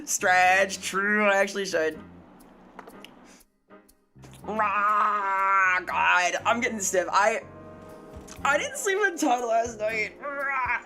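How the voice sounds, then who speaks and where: Excitable young woman streamer, slow and lively. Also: medium pitch. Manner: excitable, squeals and swears when thanking viewers. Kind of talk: casual live-stream chat. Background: faint music.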